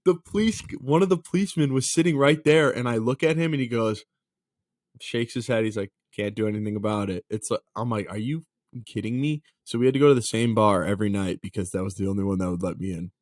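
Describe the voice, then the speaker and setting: A twenty-six-year-old man with a fairly low voice chats on a podcast in a laid-back way, dropping "dude" and the odd curse. His sound is dry and close, with no room around it. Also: fast talker, darkish tone, dry recording. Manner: laid-back, swears casually, says "dude" a lot. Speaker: podcast co-host. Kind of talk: casual chat.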